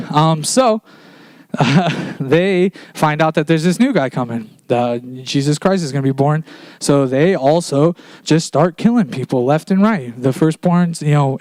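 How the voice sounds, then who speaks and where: A man gives a laid-back sermon and retells old stories in plain, slangy talk. His voice sits a little high and comes across smooth and crisp. The sound is close and dry, with little room echo. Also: a little mellow. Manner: casual storytelling, retells scripture in slangy paraphrase. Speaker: preacher. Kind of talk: casual sermon. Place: church.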